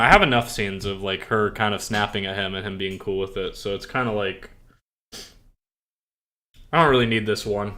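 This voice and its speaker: A man's voice: lowish voice, sharp tone. A young man streaming, chatting casually about a story he is writing, rambling with lots of fillers and swearing. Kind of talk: casual chat.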